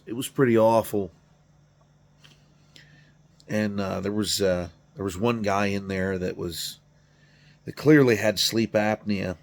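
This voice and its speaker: A tired middle-aged man talking in a casual, rambling monologue, swearing freely and joking at his own expense. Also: fairly low pitch. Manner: profane, rambling, self-deprecating. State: tired, yawning. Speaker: garage channel host.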